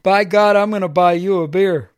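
A man doing a loud, drunk, boisterous stranger. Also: high voice, steady tone, normal speed, no room sound, clean studio sound, lightly acted.

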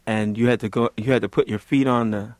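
A man's voice: lowish voice, fairly even intonation, a little fast, dry recording. Man from Louisiana recounting his war days. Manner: rambling and vivid, peppered with "like" and "you know". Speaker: Vietnam veteran, former Marine. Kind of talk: casual storytelling interview.

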